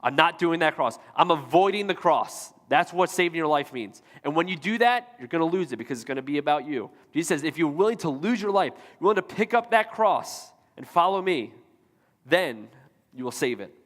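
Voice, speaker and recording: A man's voice: on the high side, lively intonation, fairly quick, a bit bright, in a large hall. A man pastor delivering a sermon, preaching emphatically and repeating rhetorical questions to the congregation. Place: church auditorium.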